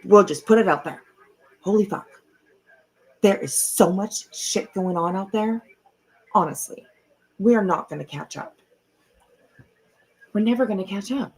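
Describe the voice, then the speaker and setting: A middle-aged woman chats casually to her livestream audience from home, speaking into her computer mic. Her voice has a gravelly edge and a husky texture. She rambles with side comments and swears freely. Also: medium pitch, measured pace, long pauses, darkish tone, rough recording. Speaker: livestream host.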